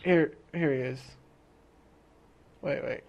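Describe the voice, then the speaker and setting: A young adult livestreamer ranting to chat in a rambling, profane way, stumbling over restarts and repeating words, and slipping into quick impressions of characters. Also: mid-range voice, gravelly, darkish tone, muffled recording. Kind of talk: rambling casual rant.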